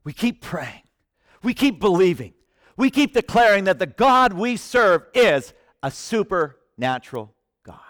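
A man preaching a sermon with passion, swinging from hushed lines to shouting. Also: high voice, sing-song, a little slow, no echo, studio quality.

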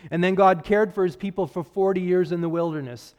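A man preaching a sermon, earnest, with rising emphasis and soft drops. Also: high-pitched, fairly quick, big-room sound, highs cut off. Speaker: pastor.

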